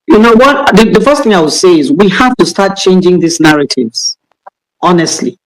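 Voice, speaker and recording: A woman's voice: fairly low pitch, animated, moderate pace, rough recording. Emphatic Nigerian woman pastor. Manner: repeats key words for emphasis. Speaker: pastor and guest speaker. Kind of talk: emphatic conversational teaching.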